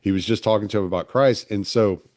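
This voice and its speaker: A man hosting a relaxed conversation, rambling with lots of filler words. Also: fairly low pitch, quick pace, no room sound, studio quality. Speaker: podcast host. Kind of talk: casual conversation.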